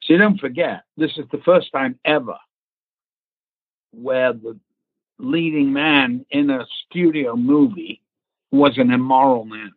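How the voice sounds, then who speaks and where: A man from England recounts film-set anecdotes in a relaxed interview and briefly mimics the people he quotes. His voice is husky and sits in a middle register. The sound is thin and phone-like, with no room around it. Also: medium pitch, a little slow, long pauses, no room sound. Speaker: actor guest. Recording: tinny phone-like line.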